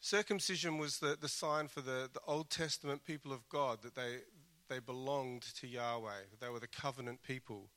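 Bright-voiced man preaching a sermon. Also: medium pitch, moderate pace. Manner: earnest, conversational with self-deprecating asides. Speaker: pastor.

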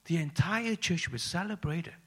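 A middle-aged man from Malaysia, a pastor telling his own story in a sermon, dropping to whispers and rising to excited highs. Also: moderate pace, husky. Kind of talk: sermon testimony.

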